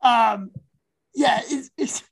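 A woman's voice: on the high side, extremely slow, breathy edge, poor audio. A woman co-hosting a sports podcast, chatting casually and animatedly with plenty of fillers. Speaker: podcast co-host.

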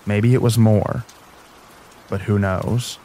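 Low-voiced man narrating calmly over rain. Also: slow, slight background noise, rough recording. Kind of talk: calm scripted narration of sleep stories. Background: rain sounds.

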